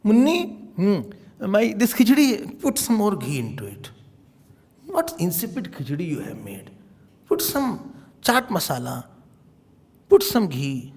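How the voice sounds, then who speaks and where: Guy doing a nagging whiny husband, high voice, swoops up and down. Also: wildly swooping pitch, unhurried, pauses often, a little mellow, full character voice. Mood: petulant. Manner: nagging, whiny, keeps calling for his wife. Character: fussy demanding middle-aged husband.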